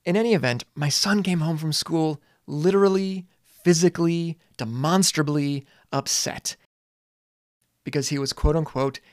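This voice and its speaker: Earnest, slightly high-voiced man. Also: no echo, clean studio sound. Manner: earnest, conversational, swears casually, dramatic pauses. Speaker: teacher and parent. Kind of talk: reflective monologue.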